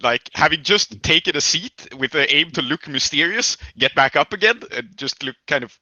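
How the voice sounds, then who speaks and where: A man's voice: a little high, lively intonation, normal speed, pushed and bright, no room sound, rough recording. A man playing a tabletop game, chatting and explaining his character's choices. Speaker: player. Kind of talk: casual tabletop play.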